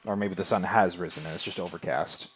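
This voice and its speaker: Streamer, male, lower register, chatty and self-deprecating, talks to chat as he plays. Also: brisk, a bit bright, faint music behind. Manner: thinks aloud and answers viewer chat. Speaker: game streamer. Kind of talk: casual live-stream chat while playing.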